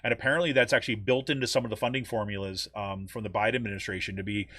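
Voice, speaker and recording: A man's voice: on the low side, fairly even intonation, rapid-fire, a bit bright, no room sound. An American man co-hosting a podcast, chatting casually about news with lots of ums and restarts. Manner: rambling, many ums and restarts. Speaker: podcast co-host.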